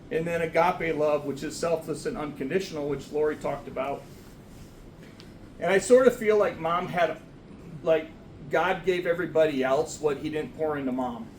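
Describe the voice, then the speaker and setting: At a memorial service in a church sanctuary, a man gives a eulogy for his late father, rambling, self-deprecating, and growing emotional. His voice is on the high side and reverberant, far from the mic, with a little hiss or hum on a rough recording.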